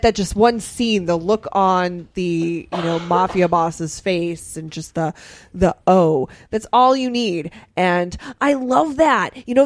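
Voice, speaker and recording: A woman co-hosting a casual podcast, talking about a film with enthusiasm, halting and repeating words as she goes. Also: medium pitch, no echo. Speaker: podcast co-host. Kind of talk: casual chat, film discussion.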